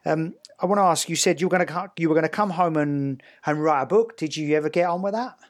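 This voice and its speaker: A man's voice: fairly high pitch, quick pace. A man with a Southern English accent hosting an interview podcast in a chatty, encouraging way, full of restarts. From south of England. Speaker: podcast host. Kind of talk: casual interview chat. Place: home, northern England, evening.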